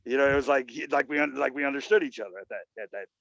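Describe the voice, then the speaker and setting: A man's voice: mid-range voice, rapid-fire, gravelly, fairly bright tone, no room sound. A man telling a long personal anecdote in casual conversation, rambling with many fillers and acting out what people said. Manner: rambling, many "you know" fillers, acts out quoted dialogue. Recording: dull lo-fi, dry sound.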